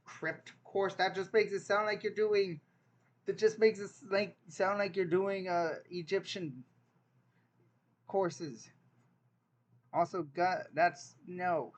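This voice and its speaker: A man's voice: high voice, steady tone, slow pace, pauses often. Joking young man reacting. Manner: incredulous, joking, thinks aloud with restarts. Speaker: vlogger taking an online dialect quiz. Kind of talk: casual reaction commentary.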